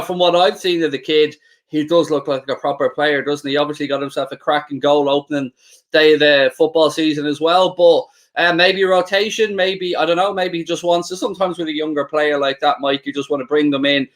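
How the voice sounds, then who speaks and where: During a live-streamed football watchalong, a male co-host with a fairly high, slightly bright voice chats and banters casually while reading out comments from viewers.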